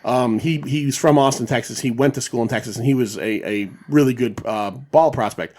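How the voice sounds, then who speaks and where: A man's voice: mid-range voice, normal speed, a little mellow. A man hosting a podcast, retelling film scenes in a rambling, profane casual chat with many restarts. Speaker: podcast host.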